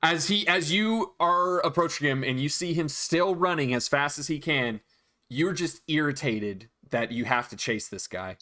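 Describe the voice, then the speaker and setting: A man narrating as dungeon master, relaxed, with frequent ums and restarts. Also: a little high, normal speed. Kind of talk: narrating a tabletop game.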